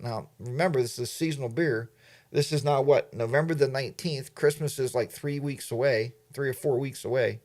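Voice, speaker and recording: A man's voice: medium pitch, a little fast, darkish tone. Rambling man hosting a casual livestream. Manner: rambling, admits he goes off topic. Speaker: livestream host. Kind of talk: casual livestream chat reading viewer comments.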